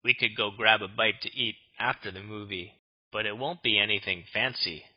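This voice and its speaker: A man's voice: on the low side, moderate pace, lightly acted. A man playing an easygoing college student in a scripted textbook dialog. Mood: casual. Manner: casual, easygoing. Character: laid-back male college student. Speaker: dialog actor. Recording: muffled lo-fi studio recording.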